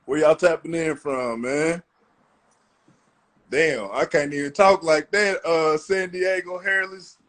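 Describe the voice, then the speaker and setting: A man's voice: a little high, steady tone, slow, fairly bright tone. A man hosting a live podcast in a loose, slangy way, calling out viewers and friends. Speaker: podcast host. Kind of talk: casual live-stream chat.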